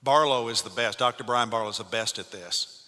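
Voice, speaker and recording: A male pastor giving a Sunday morning sermon, swinging between loud calls and hushed, calm speech. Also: medium pitch, brisk, in a large hall. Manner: dynamic preaching, shifts from loud to hushed.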